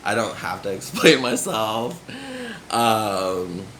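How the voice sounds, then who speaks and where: A man's voice: on the low side, slow, fairly bright tone, a little hiss or hum. A young man from Nevada in a casual, rambling monologue, full of fillers and frequent laughs. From grew up in Nevada. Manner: rambling, filler-heavy, giggly, laughs often.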